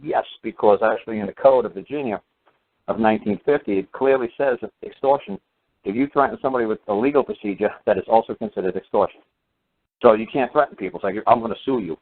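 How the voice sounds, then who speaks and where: A man telling a long casual story as a talk show host, rambling with many fillers and restarts. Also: lowish voice. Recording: phone-like lo-fi radio audio.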